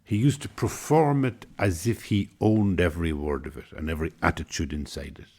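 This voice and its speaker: Irish male storyteller, deep and husky, wry and wandering in his telling. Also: brisk, a little mellow. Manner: reflective, meandering, wry. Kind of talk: personal storytelling monologue.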